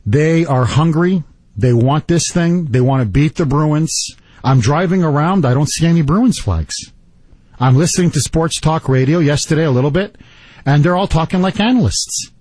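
A man hosting a talk radio show, telling a story with mock outrage and lots of animated emphasis. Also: on the high side, moderate pace, slightly rough, no room sound, rough recording.

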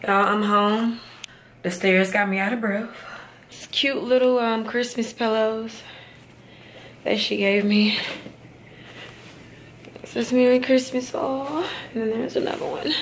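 A woman's voice: fairly high pitch, fairly even intonation, unhurried, long pauses, fairly bright tone, slight background noise. A young woman chatting casually to her viewers in a vlog, calling them y'all. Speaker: vlogger.

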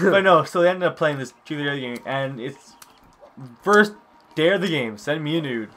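A man's voice: fairly high pitch, lively intonation, moderate pace, a bit bright. A young man co-hosting a casual gaming video, telling a rambling story, swearing freely and acting out what people said. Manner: rambling, swears freely, acts out quoted speech. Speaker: co-host.

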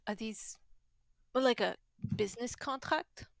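A woman playing a tabletop role-playing game, joking and asking quick questions. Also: fairly high pitch, creaky, no room sound. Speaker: player. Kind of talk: casual tabletop role-play.

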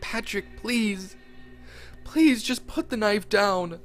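A man's voice: high-pitched, expressive, slow, fairly bright tone, soft background music, pitched above the performer's own voice, full character voice. SpongeBob, a tearful pleading sponge, put on by a man. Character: frightened grieving cartoon sea sponge, male.

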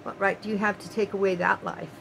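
A woman's voice: mid-range voice, steady tone, fast talker, vocal fry, fairly bright tone, a little hiss or hum, rough recording. An older woman and grandmother talking straight to her viewers in an emotional, pleading opinion monologue, repeating her phrases. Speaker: vlogger.

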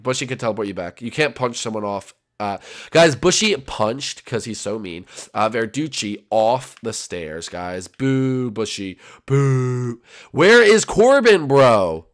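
A young man giving goofy Minecraft gameplay commentary as a YouTuber, with sudden high-pitched yells and made-up songs. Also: moderate pace. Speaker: gaming YouTuber.

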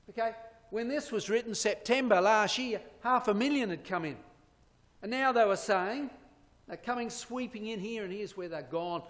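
A man's voice: high voice, moderate pace, fairly bright tone. A man giving a sermon-style Bible prophecy lecture to his congregation. He speaks emphatically, points at slides and asks rhetorical questions. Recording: long hall reverb.

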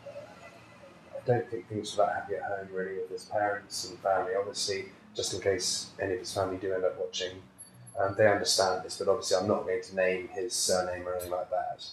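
Speaking briskly in a low voice with a completely flat delivery, a psychic healer recounts a personal story in an interview. He comes across as earnest and reflective, acting out quoted voices, in an echoey space with faint noise.

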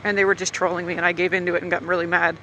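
A woman's voice: fairly low pitch, flat delivery, racing, bright, forceful tone, slight background noise, poor audio. A woman motovlogger chatting and grumbling in a rambling, unscripted way outdoors at a gas station.

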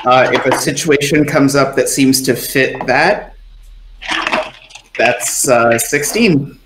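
A man narrating as game master of a tabletop game, relaxed and rambling with plenty of fillers. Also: mid-range voice, takes it slowly, echoey room, background noise.

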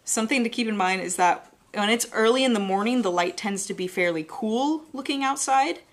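A woman teaching a live drawing class, explaining in a relaxed, chatty way while she sketches. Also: fairly high pitch, brisk. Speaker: art instructor.

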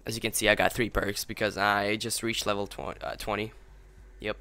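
A man's voice: fairly low pitch, flat delivery, a little fast, pushed and bright. A young man giving gaming commentary while he plays, swearing a lot and ranting in frustration. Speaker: gameplay video creator.

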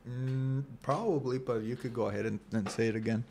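A man's voice: mid-range voice, fairly even intonation, brisk, gravelly, a little mellow, slight background noise. A man co-hosting a podcast in casual chat, rambling and joking with many fillers. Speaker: podcast co-host.

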